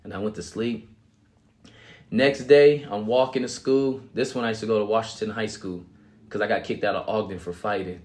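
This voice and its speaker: A man's voice: on the low side, steady tone, fairly quick, a little mellow. A young man casually telling his life story as a guest, acting out quotes and laughing often. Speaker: guest sharing his testimony.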